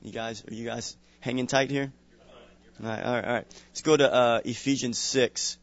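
Conversational pastor from Louisiana, lo-fi. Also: male voice, medium pitch, fairly even intonation, moderate pace. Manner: conversational preaching with chuckles and restarts. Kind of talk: sermon. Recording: dull lo-fi sound.

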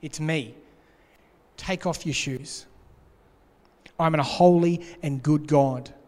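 A man voicing a calm male deity who speaks quietly and steadily with reassuring authority. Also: fairly high pitch, slow pace. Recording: long hall reverb.

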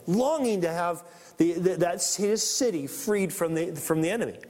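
A man preaching a sermon and reading scripture aloud, animated, acting out the people in the story. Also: sits high, a little fast. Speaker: pastor. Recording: long hall reverb.

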